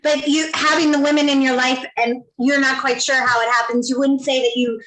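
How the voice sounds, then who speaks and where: Chatty woman hosting a video panel, kinda high voice, rambles her questions. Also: little pitch movement, fairly quick, a bit bright, poor audio. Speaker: panel host. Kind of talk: moderating a panel.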